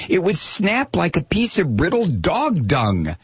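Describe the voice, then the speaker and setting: A man's voice: fairly high pitch, huge pitch swings, measured pace, breathy edge, dry recording. A man hosting a talk radio show, ranting angrily with heavy sarcasm into a studio microphone.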